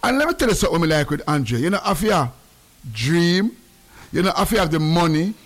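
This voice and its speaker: A man's voice: on the high side, fairly quick. A man hosting a casual radio chat, slipping between patois and English. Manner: animated, mixes patois and English. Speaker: radio host.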